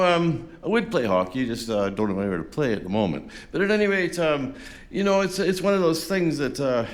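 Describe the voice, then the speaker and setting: A man chatting between songs at a folk concert, rambling and self-deprecating with lots of fillers, on a stage microphone. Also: medium pitch. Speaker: folk singer-songwriter. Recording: live concert with faint music behind.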